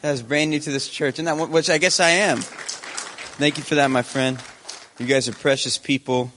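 A man's voice: on the high side, steady tone, moderate pace, a bit bright, a faint crowd, a little hiss or hum. A young man speaking as a guest missionary preacher, earnest and chatty with a self-deprecating humor. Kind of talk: sermon.

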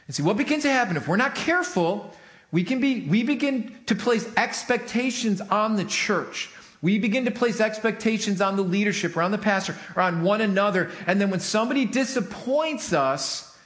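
High-voiced pastor in an echoey church. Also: male voice, lively intonation, normal speed, a bit bright. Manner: conversational, calls for amens from the congregation. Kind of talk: sermon. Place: church sanctuary.

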